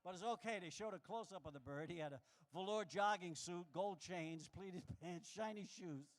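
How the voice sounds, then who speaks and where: Animated high-voiced male stand-up comic. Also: normal speed. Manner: animated, acts out quoted voices with big pitch jumps. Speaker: stand-up comedian. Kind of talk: stand-up comedy set.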